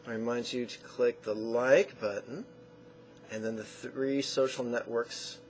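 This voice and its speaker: A man teaching an online lesson, guiding the listener through call-and-response chanting in a slow, deliberate coaching manner. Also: mid-range voice, steady tone, slight background noise. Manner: chants syllables slowly and drawn out. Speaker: mantra teacher.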